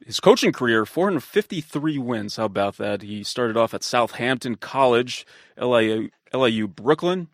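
A man hosts a podcast in a mid-pitched, everyday voice, introducing a guest and asking long, loosely worded questions. The sound is close and dry, with no room around it. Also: animated, normal speed, no room sound. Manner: conversational, with fillers and run-on questions. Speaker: podcast host. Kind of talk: interview host introduction and questions.

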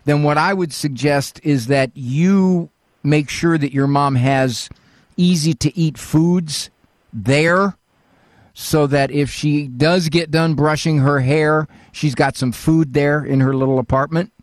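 A man's voice: a little high, slow pace, no echo, studio quality. An older man hosting a call-in advice show, folksy and fatherly, often acting out what other people say. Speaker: radio call-in host, psychologist.

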